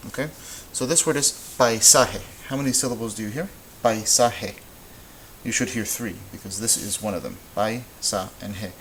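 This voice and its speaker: A man's voice: mid-range voice, fast, hardly any pauses, fairly bright tone, slight background noise, low-quality recording. A man teaching a casual Spanish lesson, thinking aloud as he goes, with frequent ums and restarts. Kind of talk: casual classroom-style lesson.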